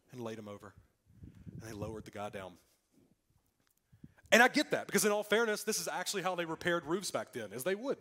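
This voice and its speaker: A man delivers a church sermon in a high, bright-sitting voice. His pitch leaps and falls with great animation. He pushes key lines out loud and then sinks to a near hush for effect. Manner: lively preaching with dramatic drops to a hush. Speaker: pastor. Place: church sanctuary.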